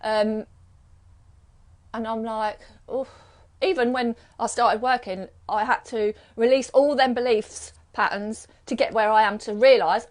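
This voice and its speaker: A woman's voice: on the high side, fairly even intonation, a little slow. A middle-aged British woman hosting a live stream, chatting casually and rambling through strings of rhetorical questions. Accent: British English. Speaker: live-stream host and card reader. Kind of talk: casual chat.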